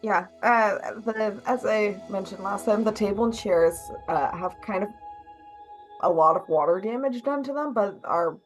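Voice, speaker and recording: A woman's voice: medium pitch, unhurried, faint music behind, rough recording. A woman running a tabletop role-playing game as game master, narrating in a plain, matter-of-fact way.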